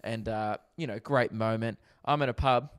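A man's voice: on the low side, moderate pace, clean tone, no room sound, studio quality. A young Australian man hosting a podcast over a video call, telling jokey stories and laughing often. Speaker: podcast host. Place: at home, remote.

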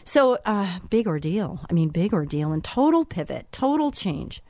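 A woman's voice: on the low side, big pitch swings, normal speed, a little mellow, no room sound. A middle-aged woman hosting a show, giving an earnest, emphatic motivational monologue that repeats phrases for effect. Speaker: host.

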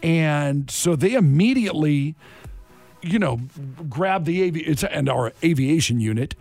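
A man hosts a morning radio show, chatting loosely and cracking quick jokes. His voice sits a little high for a man. Faint music plays underneath. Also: creaky. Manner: animated, joking, quick asides. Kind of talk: casual radio chat.

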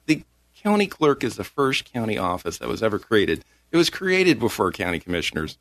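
A man being interviewed as a guest, plain-spoken and getting animated as he tells his story. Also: on the low side, a little fast, dry recording. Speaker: guest, county comptroller. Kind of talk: casual interview.

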